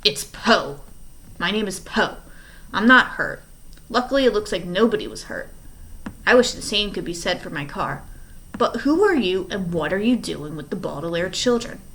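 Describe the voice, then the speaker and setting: A woman's voice: medium pitch, animated, moderate pace, fairly bright tone. A woman doing a fussy, formal banker man. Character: fussy, oblivious middle-aged banker man.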